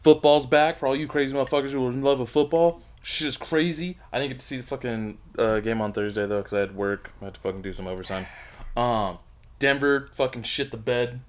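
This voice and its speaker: A man's voice: medium pitch, fairly quick. A young man in his twenties co-hosting a casual chat, swearing constantly and laughing a lot. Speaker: podcast co-host.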